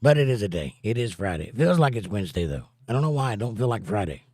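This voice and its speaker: A man's voice: lowish voice, big pitch swings, fast talker, a little mellow, no room sound. A man hosting a casual livestream, joking around and reading viewers' chat messages aloud. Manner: jokey, reads chat aloud. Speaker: host.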